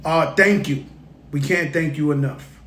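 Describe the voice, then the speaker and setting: A man from the Bronx with a New York accent, talking in an emphatic, animated way as he tells stories on a casual live stream. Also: a little high, measured pace, roomy sound, slight background noise. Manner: emphatic, animated storytelling with call-outs to viewers. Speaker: rapper speaking on a live stream. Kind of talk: casual motivational monologue.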